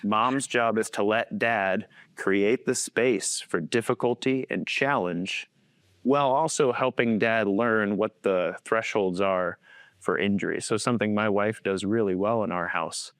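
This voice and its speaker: A man in his thirties speaks as a podcast guest in a somewhat low voice, recorded dry and close. He shares personal stories in an earnest, conversational way and often chuckles as he talks. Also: measured pace, fairly bright tone, no room sound. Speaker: podcast guest, faith-based coach.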